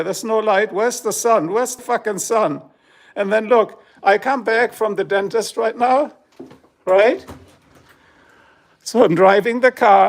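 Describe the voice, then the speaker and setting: Gravelly high-voiced man ranting on stream. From Germany. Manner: ranting, profane, exaggerated complaining. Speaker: livestreamer. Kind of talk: casual live stream rant. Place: at home by his garage.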